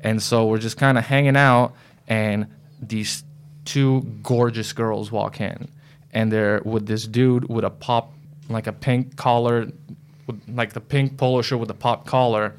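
A man's voice: medium pitch, steady tone, unhurried, slight background noise. A man as a podcast guest, chatting casually and telling a rambling story full of fillers. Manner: loose storytelling with lots of fillers. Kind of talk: casual chat.

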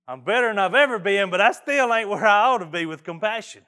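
A man's voice: high-pitched, animated, moderate pace, pauses often, pushed and bright, clean tone. A middle-aged man, preaching a sermon as pastor in a folksy, earnest way, often restarting his phrases.

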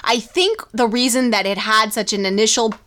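Recapping a TV episode in casual podcast chat, this female co-host acts out characters' lines as she goes. She has a fairly high, slightly bright voice and a moderate pace.

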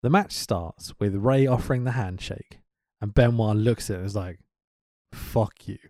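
A man co-hosting a casual podcast chat, animated and quick to laugh, swearing freely as he talks. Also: on the low side, no room sound, clean studio sound. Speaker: podcast co-host.

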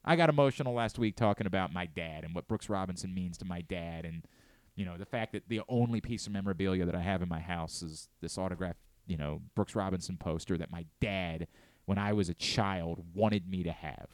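In a radio studio, a sports talk host in his late thirties speaks in a low-sitting, smooth voice at a fairly quick pace. He's earnest and candid, repeatedly restarting sentences, and the close mic captures no room sound.

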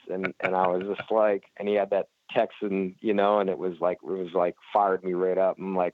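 A man's voice: low voice, flat delivery, a little fast, few pauses, dry recording, narrow, tinny audio. A man, a racer being interviewed, talking casually and rambling with lots of fillers and restarts. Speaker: flat track racer, guest.

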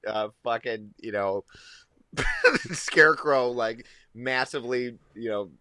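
A man's voice: medium pitch, slow pace, sharp tone, no echo. A man co-hosting a podcast, chatting in a laid-back, rambling way with many fillers. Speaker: podcast co-host. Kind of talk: crude casual banter.

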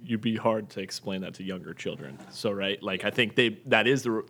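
A man asks probing questions in a casual group conversation, filling the gaps with "like" and "right?" He talks quickly in a lower register. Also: fairly bright tone.

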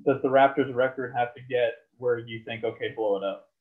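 Guy, mid-pitch, chatty sports co-host, rambles and swears, tinny phone-line sound. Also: fairly even intonation, brisk. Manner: rambling, swears freely, lots of fillers. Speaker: podcast co-host. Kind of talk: casual sports chat.

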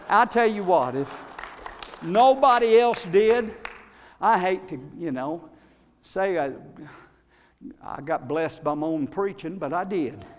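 Folksy male preacher with a high voice, storytelling that swells into shouting, in a reverberant church. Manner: builds from quiet storytelling to shouted fervor; folksy, repeats words. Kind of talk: sermon. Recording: long hall reverb.

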